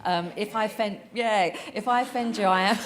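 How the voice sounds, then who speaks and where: A woman's voice: mid-range voice, a little fast, crowd noise. A woman speaking at a live event, sarcastic and sweary, laughing often as she talks. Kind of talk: comic stand-up style talk. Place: event hall with audience. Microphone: handheld mic.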